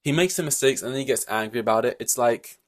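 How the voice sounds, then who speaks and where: A man's voice: mid-range voice, fast talker. A man hosting a solo podcast, ranting in an exasperated, rambling way with many fillers and restarts. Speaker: podcast host.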